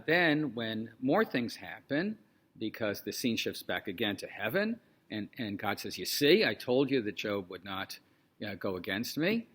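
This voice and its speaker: A man in a rabbi's role, teaching in a loose, chatty way. His pitch sits in the middle, and he keeps adding "um" and "you know" as he retells an old story. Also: breathy edge. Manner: conversational, animated retelling with many fillers. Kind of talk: informal teaching talk.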